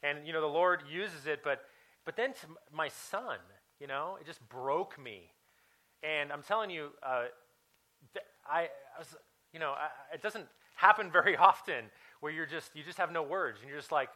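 A pastor in his thirties tells a personal story as a sermon, speaking conversationally with many fillers and restarts. His voice is fairly high, brisk and sharp, on a rough recording.

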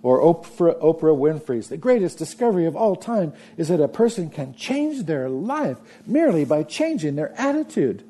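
Guy preaching a sermon, warm mellow voice, earnest, goes quiet for emphasis. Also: a little high, big pitch swings, normal speed, hardly any pauses, slightly rough. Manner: earnest preaching, drops to soft murmur for emphasis. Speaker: pastor.

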